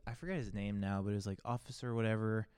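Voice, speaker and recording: A man's voice: fairly low pitch, fast talker, clean tone, no echo. Young male co-host, casual slangy storyteller, dry close sound. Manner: slangy, profane, animated retelling. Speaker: podcast co-host.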